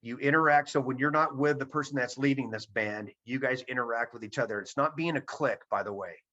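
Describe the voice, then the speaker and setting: A presenter gives a seminar talk over a video call to a virtual audience, emphatically repeating his key points. His voice is medium-pitched, brisk, and sharp, and the sound is dull and lo-fi.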